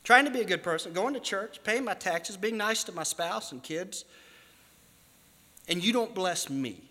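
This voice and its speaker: A male pastor preaching a sermon, swinging from hushed, drawn-out lines to loud cries. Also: high voice, animated. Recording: long hall reverb.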